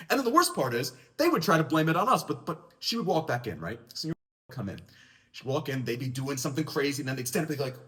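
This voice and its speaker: A young man telling a school story in a casual vlog, animated and jokey. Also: fairly high pitch. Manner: animated, jokey, lively delivery.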